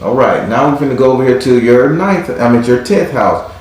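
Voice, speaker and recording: A man's voice: mid-range voice, animated, brisk, a little mellow. A man giving a live tarot reading in a blunt, profane, hyped-up way. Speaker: tarot reader. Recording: very echoey room.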